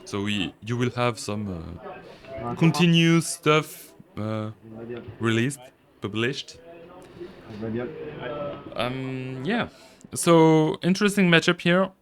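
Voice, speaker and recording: A man with a French accent, a native French speaker, giving casual, relaxed commentary on a card-game match and thinking aloud as he goes. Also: mid-range voice, takes it slowly, pauses often.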